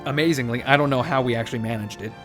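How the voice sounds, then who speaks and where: A man's voice: mid-range voice, rapid-fire, fairly bright tone, soft background music. A man giving casual let's play commentary on a strategy game, sarcastic and joking, swearing and rambling as he plays. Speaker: gaming commentator.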